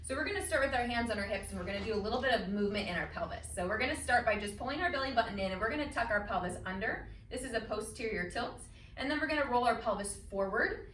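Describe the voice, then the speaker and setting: Woman Pilates instructor, bright clear voice, fairly high, calm step-by-step cues, echoey room, mic a bit distant. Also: quick pace, a little hiss or hum. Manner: calm, cueing breaths and movements step by step. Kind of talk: guided chair workout instruction.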